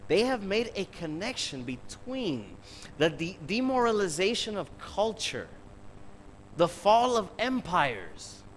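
A man's voice: sits high, very animated, slow, a little hiss or hum, poor audio. A man preaching a sermon who speaks emphatically, peppers his talk with rhetorical questions and addresses the congregation directly.

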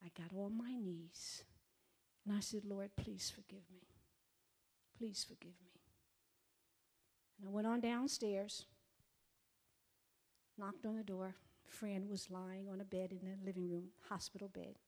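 A middle-aged woman giving an emotional testimony in a sermon, swinging from loud outbursts to hushed whispers and speaking directly to her listeners. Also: mid-range voice, fairly even intonation, unhurried, pauses often. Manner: repeats herself, addresses the audience directly.

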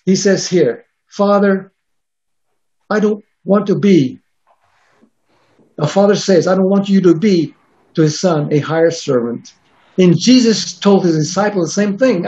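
A man's voice: fairly high pitch, a little mellow. A man preaching a sermon, reading scripture aloud and explaining it in an earnest way with frequent restarts. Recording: dull lo-fi recording.

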